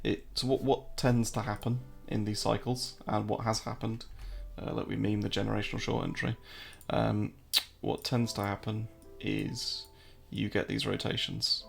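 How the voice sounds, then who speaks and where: A man's voice: lowish voice, little pitch movement, normal speed, creaky, few pauses, faint music behind. An English man hosting a casual live-stream, joking, answering viewer chat and walking through trading charts. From England.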